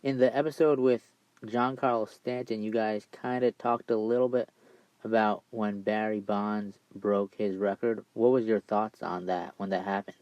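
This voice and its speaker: A man's voice: lowish voice, fairly even intonation, moderate pace, no room sound. A man hosting a sports interview, asking plain, hesitant questions. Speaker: podcast host. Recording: dull lo-fi, dry.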